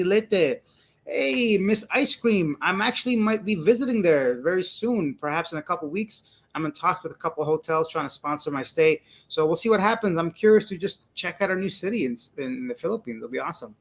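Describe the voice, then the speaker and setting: A man's voice: a little high, fairly bright tone. Chatty man hosting a live stream. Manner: chatty, laughs often, greets viewers by name. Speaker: livestream host reading chat. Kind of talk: casual live chat. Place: indoors, living in Cebu.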